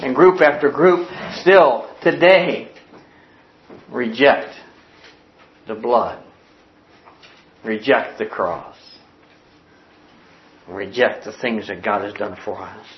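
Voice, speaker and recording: A man preaching a sermon with passion, dropping to a hush and then soaring and crying out. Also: mid-range voice, slow pace, pauses often, lo-fi sound. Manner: impassioned, swinging from hushed to soaring.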